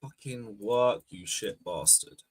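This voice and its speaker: A young man hosting a fan livestream, bantering loudly, swearing and taunting viewers. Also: fairly low pitch, slow pace, breathy edge. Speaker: fan channel host. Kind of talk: casual livestream chat.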